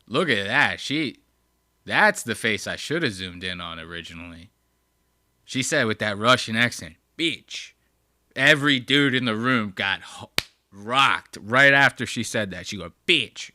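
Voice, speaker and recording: Crude, mocking male host, very bright lively voice, dry sound. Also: fairly low pitch, normal speed. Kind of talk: casual video commentary.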